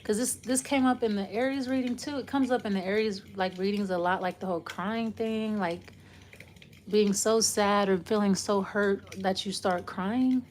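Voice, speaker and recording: A woman's voice: medium pitch, steady tone, normal speed, darkish tone, slight background noise. A woman giving a casual, loose tarot reading, rambling and trailing off as she talks it through. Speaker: tarot reader.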